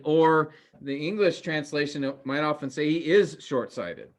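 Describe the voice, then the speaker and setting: A man teaching a Greek grammar class online, asking questions and explaining with many pauses. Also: fairly high pitch.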